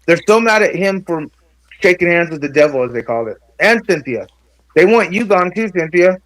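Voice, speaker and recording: A man rambling excitedly on a livestream panel, with lots of stammered restarts. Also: high voice, a little fast, dry recording, low-quality recording. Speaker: panel guest.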